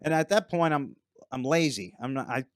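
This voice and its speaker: A man's voice: mid-range voice, lively intonation, brisk, no room sound, studio quality. A middle-aged man, a stand-up comedian, telling long rambling anecdotes in a casual chat and acting out other people's lines. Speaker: stand-up comedian, podcast guest.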